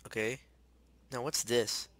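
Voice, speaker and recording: A young man giving rambling, excitable commentary while playing a video game. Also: mid-range voice, slow, no echo. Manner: chatty, rambling, excitable, shouts when startled. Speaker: gamer. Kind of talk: casual gameplay commentary.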